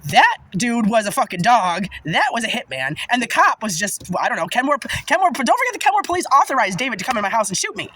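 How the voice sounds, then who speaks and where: A woman's voice: fairly high pitch, sing-song, fast talker, hardly any pauses, a bit bright, rough recording. A woman telling a personal story in casual monologue, agitated and emphatic, swearing often.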